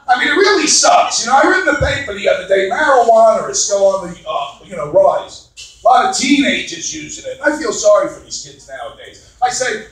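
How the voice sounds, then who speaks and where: A man over fifty doing a stand-up comedy set in a club, brash and crude, shouting his punchlines. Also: very high voice, distant mic. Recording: echoey club recorded from afar.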